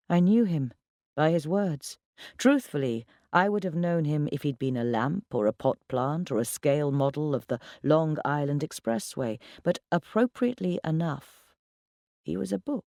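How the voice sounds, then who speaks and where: A man's voice: a little high, warm tone, dry recording, clean studio sound. A man reading a first-person novel aloud in a wry, conversational storytelling manner. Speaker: audiobook reader. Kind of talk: first-person literary narration.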